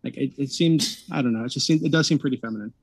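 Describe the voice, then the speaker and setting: A man's voice: medium pitch, fast talker, creaky, husky, dry recording. A man on a debate panel, speaking sarcastically and mocking the other side. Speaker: panel guest. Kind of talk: debate argument.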